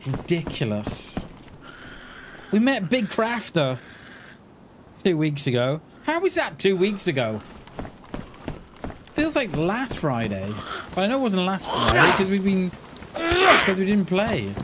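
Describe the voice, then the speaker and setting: A man's voice: sits high, huge pitch swings, slow, pauses often. A man chatting casually while streaming a game, rambling along with frequent chuckles and self-mocking asides. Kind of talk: casual livestream chat while gaming. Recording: noisy background.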